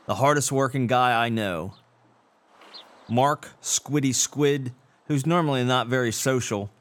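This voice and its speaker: A man hosting a show, reading a scripted introduction in a dry, sarcastic way. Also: medium pitch. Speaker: show host.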